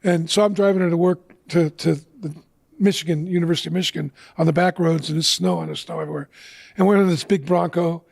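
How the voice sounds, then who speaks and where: A man's voice: a little high, fairly even intonation, quick pace, vocal fry, darkish tone. A middle-aged man telling a personal story as a guest on an interview show, earnestly acting out the lines of the people in it.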